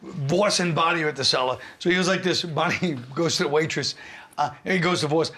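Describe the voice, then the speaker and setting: A man's voice: fairly high pitch, a little fast, pushed and bright, slight background noise. A male comedian guest, grumbling and swearing through casual banter. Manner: gruff, complaining, swears a lot.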